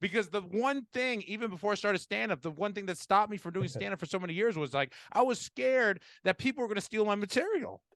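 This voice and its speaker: Podcast host guy, high-ish voice, rambly and swearing, dry close sound. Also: animated, fast talker, hardly any pauses, fairly bright tone, no echo. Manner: rambling, profane, stammers and restarts. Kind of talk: casual chat.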